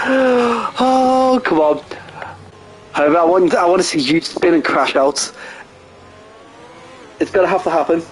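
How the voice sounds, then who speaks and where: A man giving casual live sim racing commentary, excitable and jokey, often laughing at his own crude remarks. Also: sits high, moderate pace, long pauses, slight background noise, poor audio. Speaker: race commentator.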